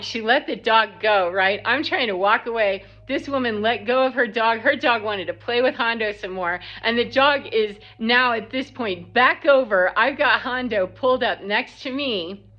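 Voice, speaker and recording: A woman telling a story in a casual, blunt, animated monologue that acts out what people said. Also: on the high side. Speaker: spiritual vlogger. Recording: slightly dull lo-fi sound.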